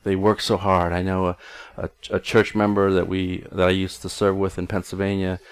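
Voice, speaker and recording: A man's voice: sits low, monotone, moderate pace, smooth. A middle-aged male pastor preaching a conversational sermon in an earnest tone, often restarting his sentences.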